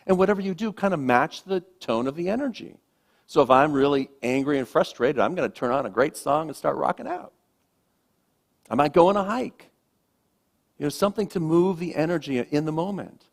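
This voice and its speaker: A man, a minister, giving a gentle, reflective sermon with slow, emphatic pauses, speaking to a congregation in a church. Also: a little high, lively intonation, creaky. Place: church sanctuary.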